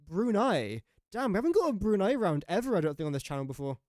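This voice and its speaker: A young English gaming streamer talks fast in a high, sing-song, slightly mellow voice. He keeps up casual live commentary, thinking aloud and making self-mocking jokes about his guesses. The audio is clean studio sound without any room sound.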